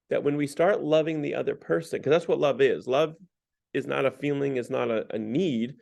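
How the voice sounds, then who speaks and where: Man, middle pitch, casual parish discussion leader, rambling and conversational, frequent "like" and restarts. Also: normal speed, vocal fry, a little mellow. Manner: loose and conversational, heavy on "like" and restarts; retells a story, then draws faith lessons from it. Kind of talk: casual spoken book discussion.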